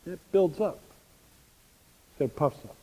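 A man preaching a sermon as the pastor, telling a story with animated, repetitive emphasis. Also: on the high side, takes it slowly. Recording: long reverb of a church hall.

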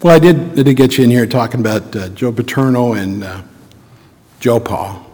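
Earnest pastor in a reverberant hall. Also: male voice, mid-range voice, normal speed, a little mellow. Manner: earnest, reflective storytelling with rhetorical questions. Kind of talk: sermon. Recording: long reverb of a large hall.

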